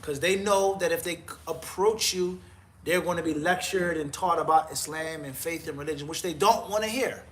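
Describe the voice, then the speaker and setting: A man's voice: fairly high pitch, moderate pace, a bit bright, a little hiss or hum. A man answering live questions as a mufti, firm and exhorting, counting off points and joking about himself.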